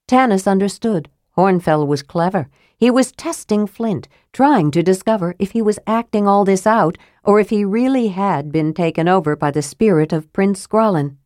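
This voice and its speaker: A woman narrating a fantasy audiobook in a measured, steady reading. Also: medium pitch, dry recording, clean studio sound.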